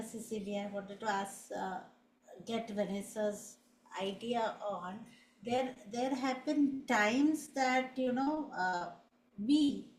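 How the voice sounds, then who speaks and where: Slow, hesitant woman in an echoey room. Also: mid-range voice, a little mellow. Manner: hesitant, with many fillers. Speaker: panel participant. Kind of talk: asking a question in a panel.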